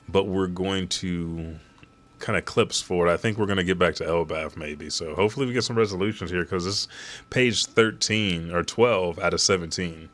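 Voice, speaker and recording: A man's voice: low-pitched, a bit bright. A man hosting a weekly live read, reading a comic chapter aloud and reacting casually, swearing freely between the lines.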